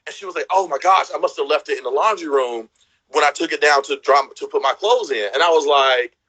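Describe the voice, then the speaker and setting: A man's voice: on the high side, a little fast, pushed and bright, rough recording. A man casually telling a dating story, acting out what each person said and laughing often.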